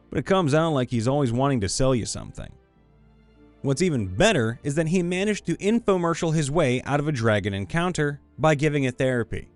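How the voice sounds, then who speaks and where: A man's voice: medium pitch, animated, normal speed, faint music behind. A man, a voice actor, reading fan stories in a playful, upbeat, goofy way. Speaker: voice actor and story narrator.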